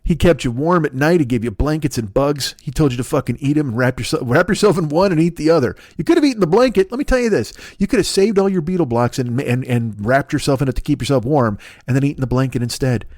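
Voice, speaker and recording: Fast-talking profane man in his fifties. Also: animated, a little mellow, dry recording, clean studio sound. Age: 50s. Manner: profane, riffing, jumps between wild pitch swings for bits. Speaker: podcast host. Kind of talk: rambling comedic monologue.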